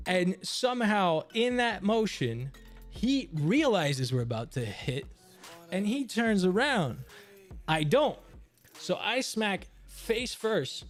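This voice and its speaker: Young male streamer, high lively voice, expressive storyteller, faint music underneath. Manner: animated, swears freely, laughs while telling. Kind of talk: casual storytelling.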